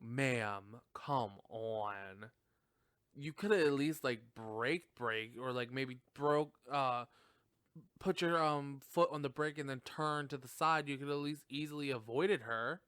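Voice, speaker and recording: A man's voice: fairly high pitch, measured pace, fairly bright tone, clean tone, dry recording, studio quality. A man hosting a podcast, recapping a film in a rambling, casual way, laughing often and swearing freely. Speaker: podcast host reviewing a film.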